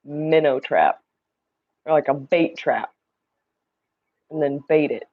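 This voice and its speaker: A woman's voice: deep voice, takes it slowly, phone-quality sound. Chatty woman hosting a livestream. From Indiana, USA. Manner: chatty, reads viewer comments aloud, greets viewers by name. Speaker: livestream host. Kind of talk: casual livestream chat. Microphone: streaming setup mic.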